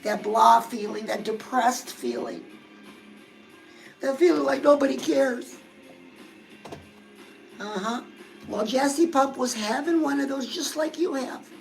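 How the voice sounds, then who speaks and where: High-pitched gravelly woman giving dating advice, chatty and confiding, calls everyone girl. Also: slow, long pauses, faint music behind, poor audio. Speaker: love and dating advice host. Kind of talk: casual advice talk to viewers.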